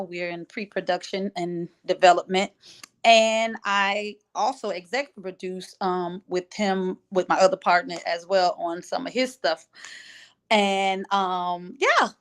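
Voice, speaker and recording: A woman's voice: medium pitch, fairly bright tone, clean tone. A woman with a Louisiana accent and a mid-range voice, chatting as a guest. She talks in an easygoing, laughing way over a video call from a hotel room. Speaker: guest, filmmaker. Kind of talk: casual interview chat.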